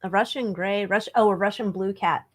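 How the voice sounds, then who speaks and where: A woman's voice: medium pitch, normal speed. A woman co-hosting a live tarot stream, chatting in a playful, joking way. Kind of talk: casual live-stream chat.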